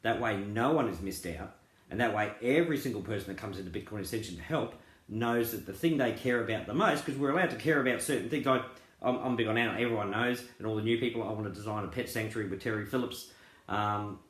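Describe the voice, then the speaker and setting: A man with a fairly low voice talks earnestly and at length to his members. He rambles, stops, restarts and fills gaps with "um" and "you know." The recording carries a roomy echo. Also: fast talker, a bit bright. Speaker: crypto group founder. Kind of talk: casual promotional talk.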